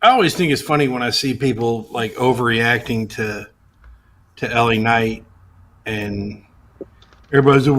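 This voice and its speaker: A man's voice: mid-range voice, normal speed, pauses often, a bit bright, a little hiss or hum. A man in a casual chat, rambling with many fillers, a little away from the microphone.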